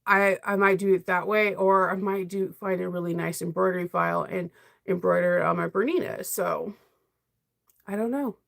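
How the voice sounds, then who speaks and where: A middle-aged woman sewing vlogger chatting casually on a livestream, talkative and quick to laugh. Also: on the low side, fairly even intonation, gravelly. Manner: chatty, laughs often, emotional.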